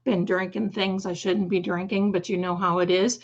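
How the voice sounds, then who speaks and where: A slightly hoarse woman hosting a live stream, chatting fondly with viewers and calling them her darlings. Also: medium pitch, level tone, normal speed, lo-fi sound. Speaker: livestream host. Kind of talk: casual livestream chat.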